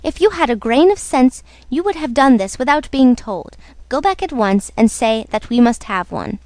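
A woman's voice: high-pitched, lively intonation, moderate pace, a little mellow, no room sound. A woman voicing a greedy, scolding old peasant wife in a storybook reading, with a scornful, haughty manner.

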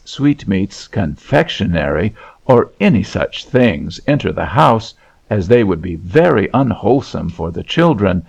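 A pompous mother lectures her guests on plain living in a storybook reading. A man plays her with a low, husky, gravelly voice, barely changed from his own, on a dull lo-fi recording. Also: a little mellow, heavily acted. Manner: prim and preachy. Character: prim, pompous mother boasting of her children.

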